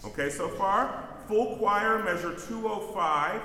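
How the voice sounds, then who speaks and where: A man's voice: high-pitched, expressive, a little slow, bright, forceful tone. A man directing a choir rehearsal, counting in beats and singing example phrases between instructions. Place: rehearsal hall. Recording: roomy hall with long reverb, faint music.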